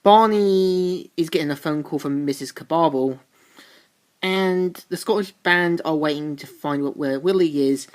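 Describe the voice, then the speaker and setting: A woman's voice: low voice, a little slow, darkish tone. A woman reviewing a comic, retelling the story in a chatty, rambling way. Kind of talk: casual comic recap.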